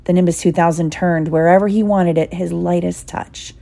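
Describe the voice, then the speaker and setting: A woman narrating a storybook aloud in a steady, unhurried reading. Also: fairly low pitch, vocal fry. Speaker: audiobook reader.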